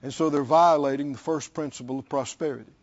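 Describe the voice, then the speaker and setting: A man's voice: a little high, fairly even intonation, fast talker, lo-fi sound. A middle-aged man preaching a sermon as pastor, emphatic and calling out to the congregation.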